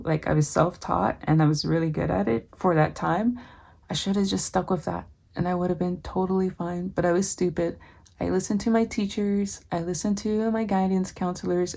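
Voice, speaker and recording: A young adult woman talking candidly to camera in a casual home vlog, thinking aloud and reading figures slowly. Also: on the low side, gravelly, darkish tone. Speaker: vlogger.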